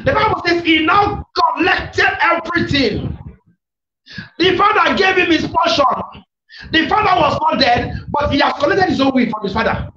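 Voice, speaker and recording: A man's voice: very high-pitched, animated, moderate pace, sharp tone. A man preaching a fervent sermon, declaring and repeating phrases over the congregation. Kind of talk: shouted prayer-meeting sermon. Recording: echoey, dull lo-fi with faint noise.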